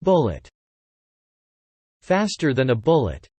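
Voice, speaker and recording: A narrator slowly reading an English word list for learners, saying each word twice and then a short example phrase in a deliberate way. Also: medium pitch, huge pitch swings, a little mellow, breathy edge, dry recording. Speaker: vocabulary narrator.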